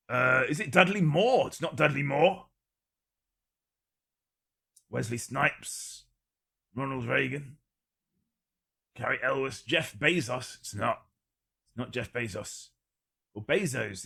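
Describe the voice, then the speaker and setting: Man, gravelly, bright tone, deadpan live-stream quiz host. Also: medium pitch, takes it slowly, long pauses. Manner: dry, deadpan joking. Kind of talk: casual live-stream chat, reading out viewer guesses.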